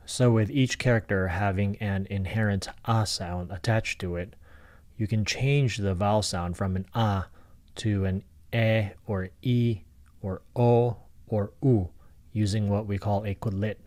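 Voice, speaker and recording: A man with a low, deep voice gives a recorded lecture on an old writing system. He talks slowly and patiently, sounding out each syllable carefully for his listeners. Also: fairly even intonation, a little mellow. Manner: patient, deliberate teaching, sounding out syllables one by one. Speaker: lecturer on Philippine script.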